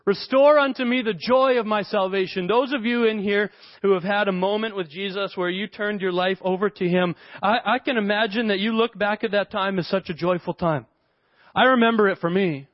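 A young man preaching a sermon as a pastor, animated and conversational with playful asides. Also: sits high, moderate pace, no room sound. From Canada. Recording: dry, dull lo-fi sound.

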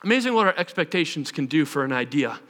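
Bright-voiced man preaching on stage. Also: a little high, quick pace. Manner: animated, self-deprecating, conversational. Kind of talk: sermon with personal storytelling. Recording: long hall reverb.

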